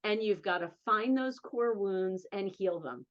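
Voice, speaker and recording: A woman's voice: medium pitch, lively intonation, lo-fi sound. A woman with a New Jersey accent, an interview guest and advocate, telling her own story candidly and emphatically. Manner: earnest, emphatic, quick bursts of speech.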